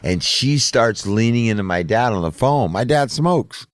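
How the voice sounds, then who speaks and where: A man's voice: mid-range voice, expressive, measured pace, no echo, clean studio sound. A middle-aged man telling a casual, profane story as a podcast host. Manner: profane, laid-back storyteller.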